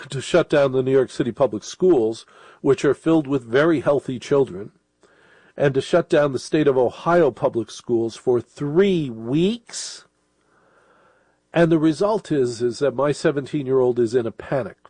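Middle-aged male radio host, sniffling from a cold, husky and mellow, chatty rambling delivery. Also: mid-range voice, no room sound. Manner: rambling, conversational, with restarts and asides. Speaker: late-night radio host. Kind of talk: casual monologue to listeners.

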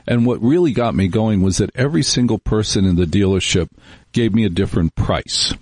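A middle-aged male radio host with a low, slightly husky voice, rambling casually through wry anecdotes into a studio microphone. The sound is dry and close, with no room around it. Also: fairly quick, dry recording. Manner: rambling, wry, storytelling with acted-out quotes. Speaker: radio talk show host.

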